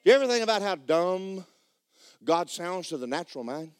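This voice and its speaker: A man preaching a sermon in church, jumping between loud, high shouts and low muttered asides, mimicking skeptics as he tells stories. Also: sing-song, normal speed, smooth, no room sound. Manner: storytelling, mimics skeptics mockingly. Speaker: pastor.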